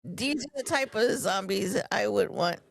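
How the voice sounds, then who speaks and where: Gravelly-voiced woman on a podcast. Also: mid-range voice, animated, moderate pace, no echo. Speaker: podcast co-host. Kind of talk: casual movie review chat.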